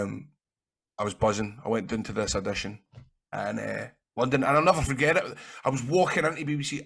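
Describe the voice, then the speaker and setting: A man with a Scottish accent, a guest in an interview, telling rambling, animated stories and swearing freely. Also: medium pitch. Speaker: interview guest, actor and wrestler. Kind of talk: casual anecdotal storytelling.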